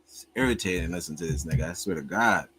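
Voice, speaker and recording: A man's voice: low-pitched, fast, fairly bright tone, a little hiss or hum. A man hosting a livestream, reacting in a casual, profane and joking way. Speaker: streamer host.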